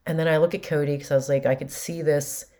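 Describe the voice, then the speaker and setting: A woman's voice: sits low, steady tone, fast, mellow. A woman in her forties candidly and emotionally retelling a family story with quoted dialogue, as a podcast host. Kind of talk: personal storytelling.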